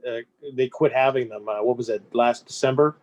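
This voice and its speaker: A man's voice: mid-range voice, steady tone, a little fast. A man who hosts movies, chatting casually and rambling in an interview. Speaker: movie host.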